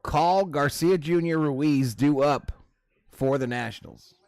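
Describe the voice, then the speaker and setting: A man's voice: on the high side, slow pace, a little mellow, dry recording. A man hosting a live baseball watch-party stream, chatting casually with his viewers. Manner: chatty, addresses chat as "y'all".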